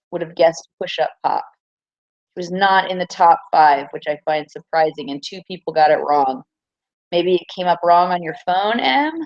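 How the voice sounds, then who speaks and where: Running a quiz review for her class, a woman teacher keeps things upbeat and playful, pronouncing every answer option slowly and distinctly. She speaks with a fairly low pitch, and the recording is lo-fi.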